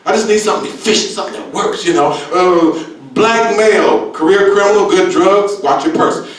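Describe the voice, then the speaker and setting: A man's voice: high-pitched, fairly quick. A man in his sixties doing stand-up, brash and streetwise, with wild exaggeration and frequent "baby" asides. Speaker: stand-up comedian. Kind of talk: stand-up routine. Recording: echoey room, distant mic.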